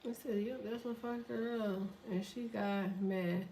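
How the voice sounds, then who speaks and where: A woman hosting a tarot channel, talking in a blunt, profane, fast casual rant. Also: mid-range voice, fairly even intonation, dark tone, far from the mic, a little hiss or hum. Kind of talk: casual ranting monologue.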